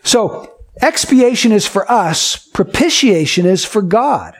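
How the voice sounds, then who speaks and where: A male preacher with a fairly high voice delivering a teaching sermon. He explains doctrine step by step, tells everyday stories to make it concrete, and slows right down on the words he wants to land. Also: animated, breathy edge. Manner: emphatic, with slow stressed key phrases.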